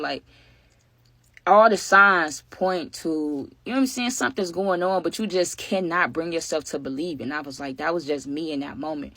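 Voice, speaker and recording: Speaking straight to the viewers and calling them "y'all," this vlogger tells a true story in loose narration full of "like" and "you know what I'm saying." The medium-pitched voice sounds pushed and bright, and the recording is dry.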